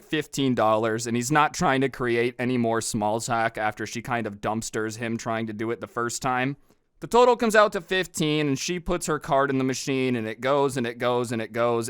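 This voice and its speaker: Sarcastic storytime guy, smooth voice. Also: mid-range voice, a bit bright, dry recording, clean studio sound. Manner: sarcastic, conversational. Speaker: storytime narrator. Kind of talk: casual storytime narration.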